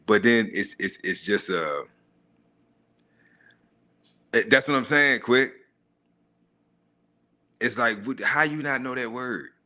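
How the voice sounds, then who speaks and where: Profane, animated man ranting on a stream. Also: medium pitch, measured pace. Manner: profane, animated, mocking, laughs at own jokes. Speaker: live stream host. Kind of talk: casual commentary monologue.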